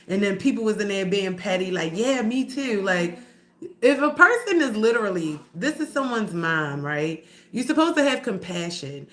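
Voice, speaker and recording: A woman's voice: mid-range voice, expressive, normal speed, a bit bright, slight background noise. A middle-aged woman livestreaming to her viewers, talking candidly and emotionally in a rambling, slangy, profane way. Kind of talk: casual livestream talk to viewers.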